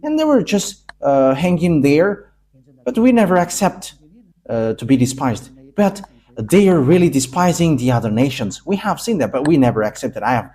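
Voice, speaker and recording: A man from Madagascar, preaching a sermon in emphatic, halting English with frequent pauses. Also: a little high, big pitch swings, mellow.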